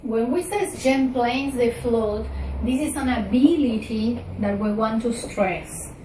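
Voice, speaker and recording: A woman teaching a recorded English grammar lesson, talking slowly with frequent fillers and "okay?" checks. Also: fairly high pitch, mellow. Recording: echoey room, distant mic, faint noise.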